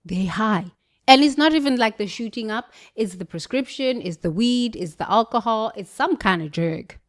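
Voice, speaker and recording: A woman with a British accent giving an emphatic spiritual motivational monologue, preachy, with sudden jumps in pitch and volume. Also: expressive, moderate pace. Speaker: motivational speaker.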